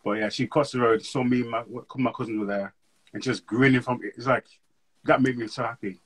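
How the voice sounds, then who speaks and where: A young man talks fast in a husky, slightly breathy voice. He tells stories in an animated, slangy way, like a guest in a relaxed interview. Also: mid-range voice, rough recording. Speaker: guest speaker. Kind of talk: casual interview chat.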